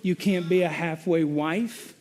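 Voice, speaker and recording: A middle-aged male pastor preaching a sermon, telling a personal story and shifting between loud venting and quiet reflection. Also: a little high, fairly even intonation, a little slow.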